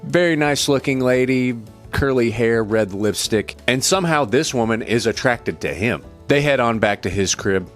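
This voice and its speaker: A man's voice: mid-range voice, animated, moderate pace, faint music behind. A man recapping a film as a casual movie reviewer, in a blunt, irreverent way with the odd swear word.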